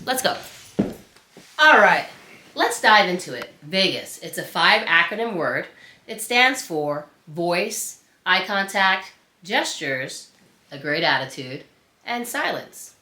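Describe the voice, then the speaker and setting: An upbeat woman instructor talks straight to the viewer, her pitch swinging widely. Her voice is bright and forward. The recording has a roomy echo. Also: takes it slowly. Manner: upbeat, animated, addresses viewer directly. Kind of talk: instructional presentation.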